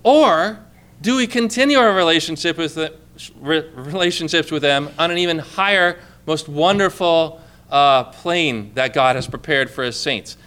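A man's voice: fairly high pitch, normal speed, bright, forceful tone, clean tone. A man preaching a sermon to a congregation in a church, in a conversational way, asking many questions and calling for amens. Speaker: pastor.

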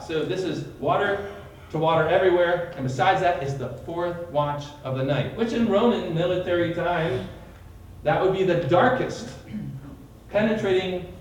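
A high-voiced man teaching a small group in sermon style, animated and full of questions for his listeners. He is caught from a distance in a very roomy, echoing space. A faint hiss runs underneath. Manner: animated, quizzes listeners by name, dramatic retelling. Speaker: Bible study leader. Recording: echoey room from far off.

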